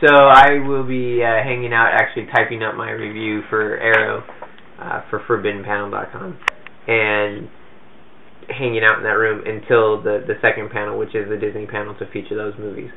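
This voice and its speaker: A man's voice: on the low side, little pitch movement, moderate pace, a crowd in the background. A man chatting casually as a podcast co-host and film reviewer, rambling along with fillers and restarts. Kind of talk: casual chat. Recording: tinny phone-like sound.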